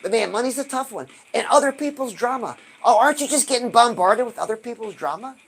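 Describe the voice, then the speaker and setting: A woman hosting a live stream, giving an animated motivational talk and asking her viewers rhetorical questions. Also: on the high side, fast talker, slightly rough. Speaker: livestream host.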